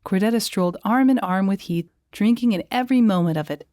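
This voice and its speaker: A woman narrates a fantasy romance audiobook at a measured, even pace in a mid-range voice. The recording is close and dry, with no room sound. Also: mid-range voice, dry recording. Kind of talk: scripted narration.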